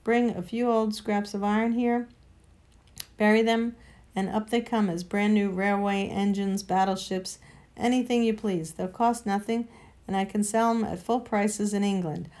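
A woman's voice: mid-range voice, steady tone, moderate pace, a little mellow, lightly acted. A woman reading aloud, voicing a greedy, pompous old uncle of sixty in a storybook. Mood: gloating. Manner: blustering, gloating.

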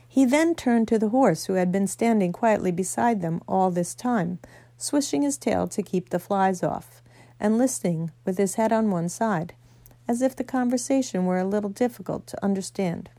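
A woman reading a children's novel aloud, gentle storytelling with small slips. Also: medium pitch, normal speed, no echo. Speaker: narrator.

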